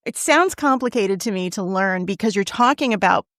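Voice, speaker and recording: A woman's voice: mid-range voice, lively intonation, normal speed, fairly bright tone, dry recording, clean studio sound. A woman hosting a podcast and interviewing her guest in a chatty way, laughing often. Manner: chatty, laughs often, gives short backchannels. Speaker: podcast host and acting teacher. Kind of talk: casual interview chat.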